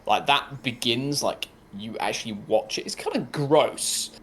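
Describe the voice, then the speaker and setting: A man's voice: mid-range voice, unhurried, fairly bright tone, a little hiss or hum. A man narrating as game master, rambling with lots of ums and likes.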